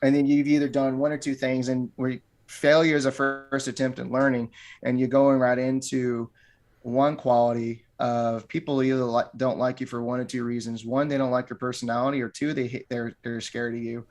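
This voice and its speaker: A man's voice: mid-range voice, flat delivery, moderate pace, a little mellow. Rambling man, martial arts gym owner. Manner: rambling, repeats words and restarts often. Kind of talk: casual podcast conversation.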